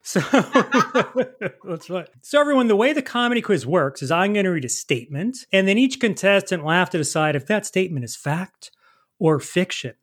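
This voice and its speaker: A man hosting a comedy quiz podcast, playful and animated, joking as he introduces his guests. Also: high voice, normal speed. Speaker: quizmaster host.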